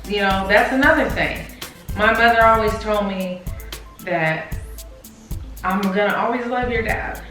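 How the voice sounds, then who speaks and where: A woman co-hosting a channel, talking about a painful family topic in a halting, tearful way, often repeating words and addressing viewers directly. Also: medium pitch, a bit bright, heavy reverb, recorded from a distance, soft background music. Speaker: co-host. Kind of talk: emotional personal talk to viewers.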